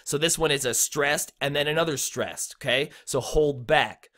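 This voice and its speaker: A man's voice: on the high side, normal speed, bright, forceful tone. A young man teaching rap flow in a laid-back, blunt way, with frequent ums. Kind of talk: casual explainer video.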